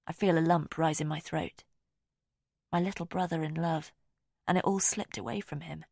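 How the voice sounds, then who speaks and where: A woman reading a thriller audiobook in calm, measured first-person narration. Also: deep voice, creaky, no echo, clean studio sound.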